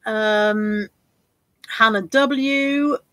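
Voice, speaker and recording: A woman's voice: a little high, drawn-out words, fairly bright tone. Chatty woman reeling off greetings. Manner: chatty, rattling off viewer greetings. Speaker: live stream host. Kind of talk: casual live stream chat.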